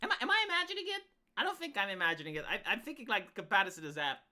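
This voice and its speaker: A woman's voice: mid-range voice, big pitch swings, rapid-fire, noisy background. A woman from Romania, giving rambling, filler-heavy commentary on a casual live stream.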